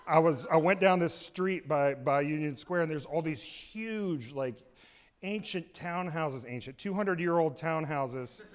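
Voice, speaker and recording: Excitable, rambling male storyteller. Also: a little high, slow pace. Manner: excitable, rambling, self-mocking. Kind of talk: live comic storytelling. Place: stage of a small cultural center.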